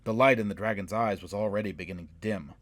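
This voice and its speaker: A man narrates a fantasy adventure in a measured, dramatic storytelling voice. His voice sits fairly low. The recording is close and dry, with no room sound. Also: a bit bright, no echo. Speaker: audiobook narrator. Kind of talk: scripted narration.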